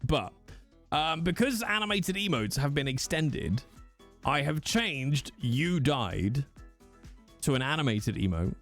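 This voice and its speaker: Lively chatty man streaming. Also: on the high side. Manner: animated, swearing, chatty with viewers. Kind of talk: casual livestream chat. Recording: faint music behind.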